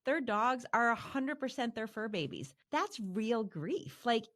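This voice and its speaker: A woman's voice: fairly high pitch, animated, measured pace, a bit bright. A woman hosting a podcast, talking in an earnest, conversational way with her guest. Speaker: podcast host. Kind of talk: casual conversation.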